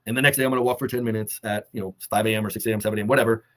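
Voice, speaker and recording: A man co-hosting a fitness talk, delivering earnest, measured motivational advice and holding back emotion. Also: lowish voice, fairly even intonation, fairly bright tone. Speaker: co-host of a fitness summit talk.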